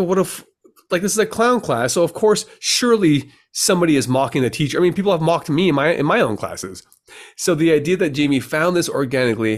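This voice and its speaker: Rambling, animated male podcast host. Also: on the high side. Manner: rambling, animated, self-interrupting storyteller. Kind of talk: casual chat.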